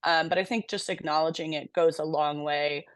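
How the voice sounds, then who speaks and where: A woman's voice: low voice, fairly even intonation, normal speed, no room sound. Candid young woman co-host, dry sound. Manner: candid and reflective, swears casually. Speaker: podcast co-host. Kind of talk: casual chat.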